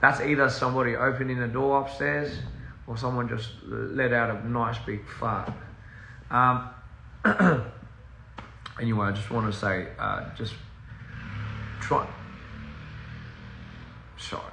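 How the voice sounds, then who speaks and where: A man's voice: mid-range voice, fairly even intonation, slow, vocal fry, long pauses, reverberant, noisy background. A young man rambling through a casual live-stream chat from home, easily sidetracked and laughing often. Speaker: musician live-streaming to fans. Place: at home, indoors.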